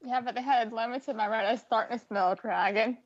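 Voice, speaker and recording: High bouncy woman's voice, playful, muffled lo-fi mic. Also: fairly even intonation, normal speed, a little hiss or hum. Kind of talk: casual card-game chat. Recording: dull lo-fi sound.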